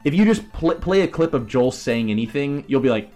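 A man co-hosting a casual gaming podcast, rambling on in an animated way and laughing often as he talks. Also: on the high side, measured pace, soft background music. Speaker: podcast co-host. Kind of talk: casual chat.

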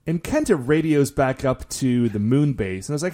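Animated man recapping a show. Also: medium pitch, normal speed. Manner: animated, acts out quotes, many "like" fillers. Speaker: podcast co-host. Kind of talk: casual chat recapping a show.

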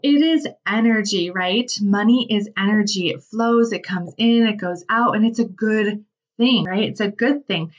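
A woman's voice: medium pitch, measured pace. A woman giving a casual motivational talk about money, chatty and full of "like" and "right?" asides. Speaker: business owner and money mindset speaker. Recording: slightly distant, dull lo-fi sound.

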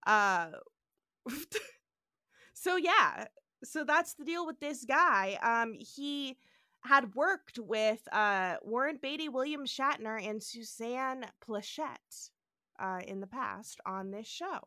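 Bright, dry-voiced woman podcast host. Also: a little high, takes it slowly, no room sound. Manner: animated, laughs while telling trivia. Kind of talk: casual podcast chat.

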